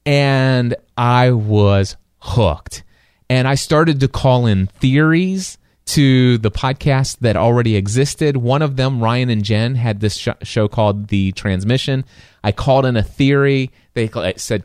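A man co-hosting a podcast, telling a story in casual chat with animated asides. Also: mid-range voice, smooth, no echo, clean studio sound. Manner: animated, quick asides, acts out his own reactions. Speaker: podcast co-host.

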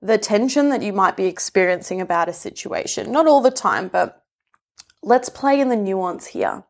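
A woman's voice: medium pitch, expressive, moderate pace. A young adult woman talking in a casual, earnest way, explaining ideas and sharing personal stories with laughs and asides. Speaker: relationship speaker. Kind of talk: reflective explanatory talk.

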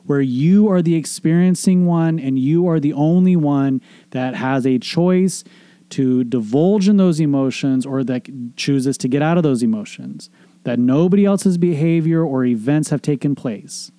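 A man's voice: a little high, measured pace, warm tone, no echo. A middle-aged man hosting a show, giving an earnest, emphatic motivational monologue on relationships, with casual swearing and repeated phrases. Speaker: podcast host, relationship coach.

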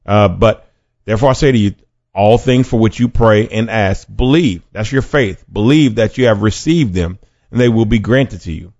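Gravelly-voiced man preaching a podcast sermon. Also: on the low side, moderate pace, darkish tone, no room sound. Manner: earnest, conversational preaching with restarts. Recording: dry, dull lo-fi sound.

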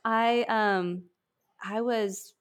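A woman talking in a casual chat, full of "like" fillers and quick laughs. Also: mid-range voice, steady tone, smooth. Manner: chatty, lots of "like" fillers; laughs easily while talking.

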